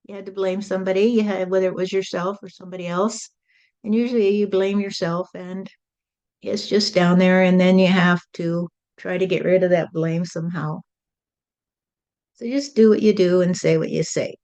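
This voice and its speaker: A woman medium giving calm, repetitive channeled spiritual teaching, often adding "you see". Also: on the low side, normal speed, dull audio.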